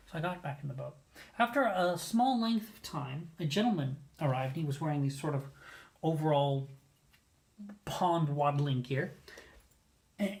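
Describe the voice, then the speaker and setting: Animated self-mocking storyteller. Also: medium pitch. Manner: animated, self-mocking, acts out quoted lines. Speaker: podcast host telling a story. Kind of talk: casual storytelling.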